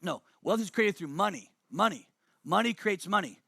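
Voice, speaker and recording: A man's voice: high voice, lively intonation, moderate pace, vocal fry, a bit bright, husky, dry recording, clean studio sound. A man presenting a motivational money webinar, emphatic and fond of repeating key lines.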